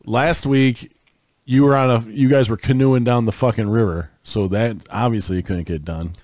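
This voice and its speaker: A man's voice: mid-range voice, steady tone, moderate pace, a little mellow, no echo, clean studio sound. A man co-hosting a podcast, matter-of-fact and wry in casual banter. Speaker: podcast co-host.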